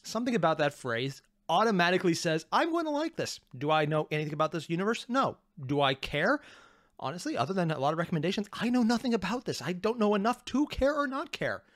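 A man hosting a reaction video, excitable and rambling, with self-deprecating asides, on a close mic. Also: high-pitched, quick pace, no echo. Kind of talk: reaction commentary.

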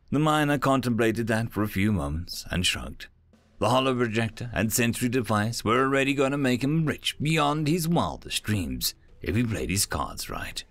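A man narrating a story in an animated, scripted way. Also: mid-range voice, dry recording.

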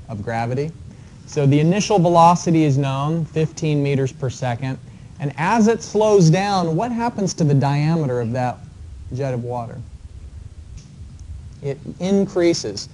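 A man lecturing an engineering class, working through a problem step by step and pausing often on fillers. His voice sounds mellow and dark, with a faint background hum in the recording. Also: fairly high pitch. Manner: explanatory, measured, with frequent fillers. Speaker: engineering professor.

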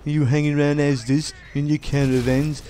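A man's voice: fairly high pitch, level tone, brisk, mellow, natural voice. A man voicing an abusive male online gamer, sneering and profane.

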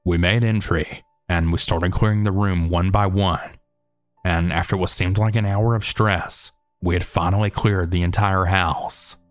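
A man narrating an animated horror story in a steady, matter-of-fact way. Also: low voice, a little slow, no room sound, faint music behind.

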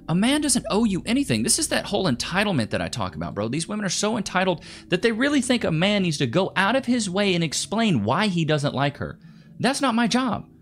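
Animated blunt man hosting commentary. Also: high-pitched. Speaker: host reacting to clips. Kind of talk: casual commentary.

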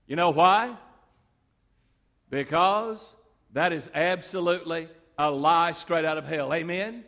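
A man preaching a sermon as pastor, moving between loud declarations and quiet stories. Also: on the high side, takes it slowly, in a large hall. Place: church sanctuary.

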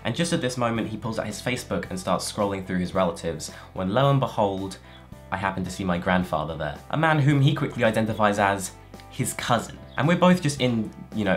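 A man telling a personal story about his first trip alone in a quick, conversational way. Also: fairly low pitch.

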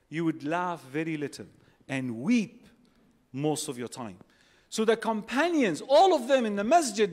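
A high-voiced man preaches to a packed convention hall. He talks with animated energy, throws questions at the crowd and acts out little quotes along the way. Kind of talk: religious talk to a live audience. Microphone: holding a phone and a mic on stage.

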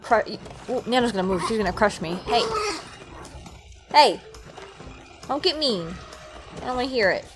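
A woman streaming a video game, talking casually to her viewers, with frequent loud outbursts and a lot of swearing. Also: on the high side, animated, a little fast, noisy background. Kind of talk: casual let's-play commentary.

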